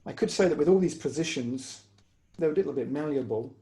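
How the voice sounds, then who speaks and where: A man giving a patient, step-by-step online music lesson on the hurdy-gurdy, pausing often as he explains. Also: a little high, expressive, mellow. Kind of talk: online music workshop instruction. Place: home room, online workshop.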